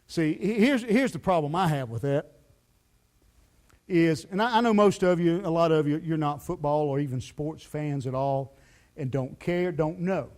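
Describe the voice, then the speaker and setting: A man preaching a sermon as pastor, telling the story in a lively, folksy way full of "you know" fillers. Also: on the high side, moderate pace. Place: church sanctuary.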